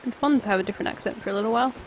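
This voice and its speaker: A woman's voice: fairly high pitch, racing, a little hiss or hum, rough recording. A young Australian woman chatting casually with her viewers while she plays a game on a live stream, rambling from one thought to the next. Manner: chatty, rambling, reads and answers chat.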